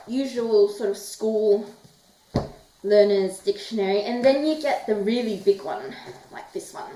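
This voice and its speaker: A woman's voice: medium pitch, slight background noise. Woman tutor, roomy distant sound. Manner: relaxed, chatty, frequent "um" fillers. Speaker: English tutor. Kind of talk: casual explanatory lesson. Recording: roomy echo, mic at a distance.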